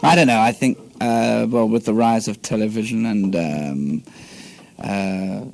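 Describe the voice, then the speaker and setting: Man, 20s, English accent, halting speech full of fillers, 1960s radio interview tape. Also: fairly low pitch, vocal fry, darkish tone. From England. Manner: hesitant, many fillers and restarts. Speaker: guest comedian and musician.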